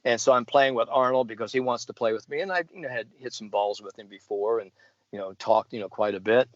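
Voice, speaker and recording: A middle-aged American man, a sports psychologist, telling a folksy story with animated asides and laughs. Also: mid-range voice, fast talker, dry recording, dull audio. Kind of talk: casual storytelling.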